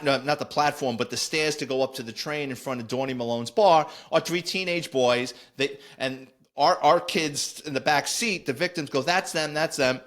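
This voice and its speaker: A blunt New ex-cop, now a podcast host, tells casual anecdotes in a medium-pitched male voice. He's animated and acts out the voices of the people he quotes.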